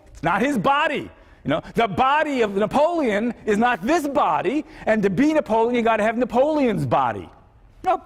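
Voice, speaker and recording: A male philosophy lecturer talks to a class in a high, lively voice that rises and dips with every point. He thinks aloud and keeps turning questions back to the students. The sound carries a long reverb from the lecture hall.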